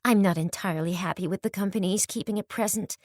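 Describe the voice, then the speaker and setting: A woman voicing a fussy, matchmaking society mother who speaks in a lowered, simpering, trilling manner. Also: fast talker, a little mellow, no echo, clean studio sound, natural voice. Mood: scheming.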